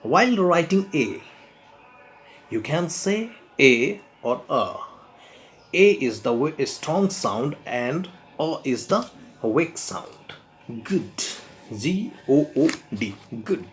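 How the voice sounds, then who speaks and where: Man, pronunciation lesson, very slow delivery, spells and repeats each word, faint background hiss. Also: mid-range voice. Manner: deliberate, spells words out letter by letter and repeats them. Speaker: English pronunciation teacher.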